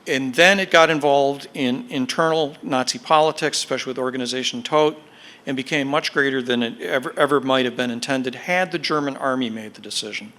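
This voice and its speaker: A man giving a history lecture to an audience, explaining in a measured way with fillers and emphatic stresses. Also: mid-range voice, a bit bright. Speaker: guest speaker, military historian. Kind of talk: podcast lecture.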